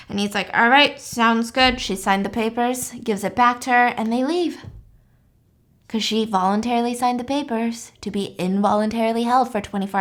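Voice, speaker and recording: A woman's voice: a little high, fairly bright tone. A young woman hosting, telling a true crime story in a chatty, casual way with lots of fillers. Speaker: host.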